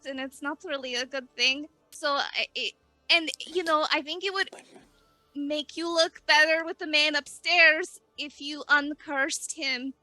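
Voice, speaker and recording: A woman playing a tabletop game, speaking in character in a soft, rambling, hesitant way. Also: high voice, no room sound, rough recording. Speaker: player.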